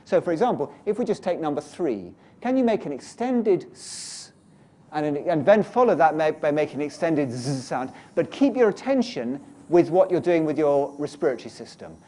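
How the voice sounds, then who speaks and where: Mellow British man giving a teaching workshop. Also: fairly high pitch, big pitch swings, brisk, hardly any pauses. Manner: explanatory, addresses live audience with exercises. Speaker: teacher trainer. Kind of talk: workshop lecture.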